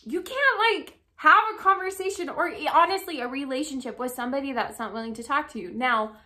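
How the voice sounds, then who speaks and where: Bright, chatty woman life coach. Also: sits high, a little fast. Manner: chatty, frequent "like" and "um", animated storytelling. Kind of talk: casual advice talk to camera.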